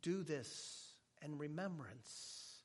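A man voicing a calm, solemn male teacher at supper, speaking quietly, slowly and gently. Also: a little high, full character voice.

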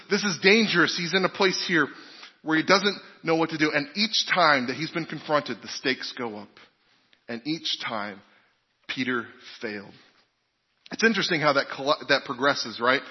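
A man's voice sits on the high side with a breathy edge as he, a pastor, preaches conversationally, posing questions and sharing personal stories. The sound is dull and carries a long hall reverb.

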